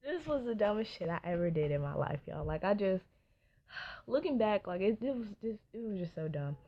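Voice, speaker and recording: A woman's voice: medium pitch, moderate pace. Chatty young woman telling a story. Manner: chatty, animated storytelling with laughs and asides to viewers. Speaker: vlogger. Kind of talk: storytime vlog. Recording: dull lo-fi sound.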